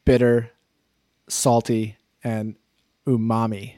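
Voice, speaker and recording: A man's voice: medium pitch, flat delivery, slow pace, mellow, no echo, clean studio sound. A man co-hosting a podcast in casual chat, adding wry joking asides. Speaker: podcast co-host.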